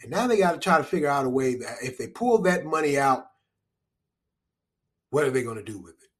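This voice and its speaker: A husky-voiced man talks on his own, thinking aloud in a loose, conversational way. He circles back on himself with restarts and lets out dry little chuckles between points. His voice sits in an ordinary middle pitch. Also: big pitch swings, a little fast. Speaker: commentator. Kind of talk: solo spoken commentary.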